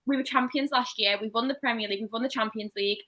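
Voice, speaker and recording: A woman's voice: fairly high pitch, racing, sharp tone. A woman from Liverpool with a Scouse accent, chatting animatedly about football as a podcast co-host. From Liverpool, England. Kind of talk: casual football chat.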